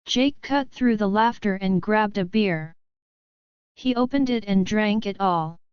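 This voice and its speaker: Woman reading a story out loud, slow and steady, dry close mic, kinda dull lo-fi sound. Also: mid-range voice, smooth, no echo. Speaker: narrator. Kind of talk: first-person audiobook narration. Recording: dull lo-fi audio.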